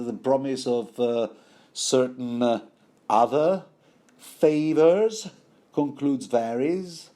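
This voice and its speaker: Man, book commentary, hesitant and playful, mellow dark tone, lowish pitch. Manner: hesitant, many fillers, self-correcting, playful asides.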